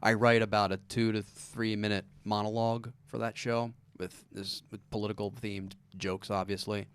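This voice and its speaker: A man who is a stand-up comedian, chatting as a guest on a podcast in a halting, self-deprecating, deadpan way, often restarting his sentences. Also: lowish voice, clean tone. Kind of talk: casual podcast chat.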